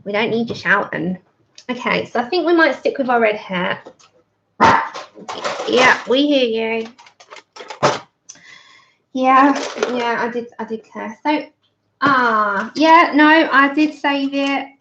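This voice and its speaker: A woman's voice: on the high side, slow, long pauses, fairly bright tone, highs cut off. A woman, chatting casually as she colours on a livestream, laughing often and acting out a story. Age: 30s. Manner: chatty, laughs often, acts out her own story in quoted voices.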